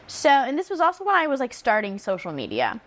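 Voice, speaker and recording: A young woman teacher telling stories in casual chat, with quick asides and laughs. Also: high-pitched, wildly swooping pitch.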